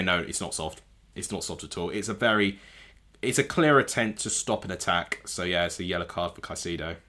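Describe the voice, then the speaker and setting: Man, lowish voice, live football reaction, excitable, self-correcting chatter at home. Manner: excitable, thinks aloud and corrects himself. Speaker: football watchalong streamer. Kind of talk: live match reaction commentary. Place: home room with TV.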